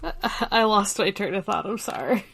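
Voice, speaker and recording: A woman's voice: medium pitch, normal speed, gravelly, fairly bright tone, breathy edge. A woman co-hosting a podcast in casual chat, blunt and crude with frequent laughter. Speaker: podcast co-host.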